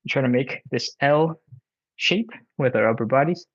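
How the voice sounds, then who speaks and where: A man's voice: mid-range voice, normal speed, highs cut off. A man leading a live home stretching workout, counting reps and coaching casually, a bit out of breath. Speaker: stretching instructor.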